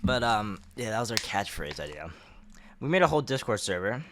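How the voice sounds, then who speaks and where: A man's voice: on the low side, sing-song, a little fast, crowd noise. A man co-hosting a podcast in casual chat, playful, at times reading dramatic promo lines aloud. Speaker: podcast co-host.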